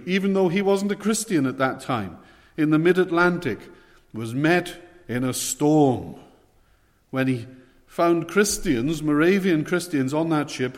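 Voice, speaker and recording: A man preaching a sermon with emphatic, rising and falling delivery. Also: on the high side. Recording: long hall reverb.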